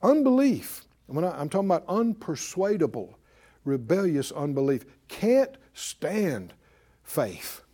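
Middle aged guy preaching, real animated, slow and mellow, bounces high and low. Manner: animated, acts out voices, swings loud and soft. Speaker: Bible teacher. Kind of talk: sermon.

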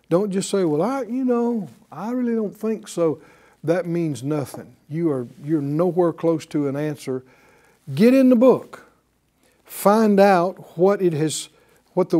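Slow, mellow-voiced man preaching. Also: a little high, expressive. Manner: slow, questioning delivery with audience call-and-response. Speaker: Bible teacher. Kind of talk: sermon.

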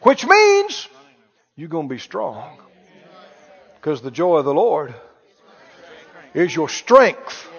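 A man's voice: fairly high pitch, wildly swooping pitch, takes it slowly, creaky, long pauses, slightly rough. A man preaching a sermon, calling out to the congregation for responses. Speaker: pastor. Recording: muffled church hall recording.

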